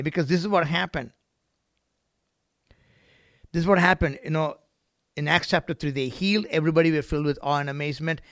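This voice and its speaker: A middle-aged man from India preaching a sermon as a guest pastor, moving from quiet reflection to loud, emphatic bursts with rhythmic repetition. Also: fairly high pitch, no room sound, studio quality. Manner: repetitive, rhythmic preaching with frequent "right?" and "amen?".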